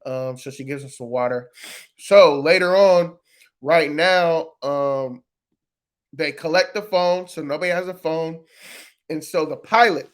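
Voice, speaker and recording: A man's voice: a little high, measured pace. A man casually recapping a TV episode for his channel, loose and profane, with lots of fillers. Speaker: reaction video host.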